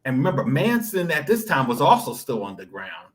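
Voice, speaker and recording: A man hosting a casual web talk show, reminiscing in an animated, storytelling way full of asides. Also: medium pitch, brisk. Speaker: show host.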